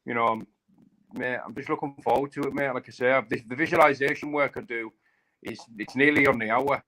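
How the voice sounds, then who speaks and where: A man's voice: mid-range voice, fairly even intonation, a little fast, pushed and bright, low-quality recording. A man, a fighter, talking in a casual live-stream chat, enthusiastic and hyped, often adding "mate" and "you know what I mean".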